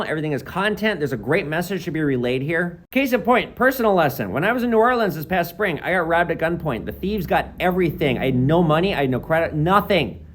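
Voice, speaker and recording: Fast, animated male shop-owner storyteller. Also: a little high. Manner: emphatic, quick storyteller who acts out quoted dialogue. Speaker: shop owner and video creator. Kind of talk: storytelling vlog monologue.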